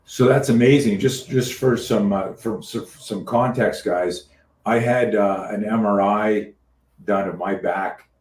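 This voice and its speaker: Male podcast host, low voice, animated and profane storyteller; distant mic in a roomy space. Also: a little slow. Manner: animated storyteller, swears freely, many restarts. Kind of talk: casual interview chat.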